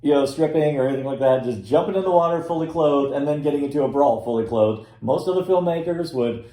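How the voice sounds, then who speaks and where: A man's voice: a little high, quick pace, warm tone. A man co-hosting a casual film podcast, talking in a rambling way with many restarts. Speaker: podcast co-host reviewing films. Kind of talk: casual chat. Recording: echoey room.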